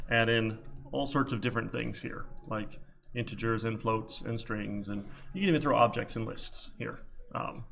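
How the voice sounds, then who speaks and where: Gravelly-voiced male programming instructor. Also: mid-range voice, a bit bright. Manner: chatty, filler-heavy, repeats "right?". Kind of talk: casual classroom lecture. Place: classroom.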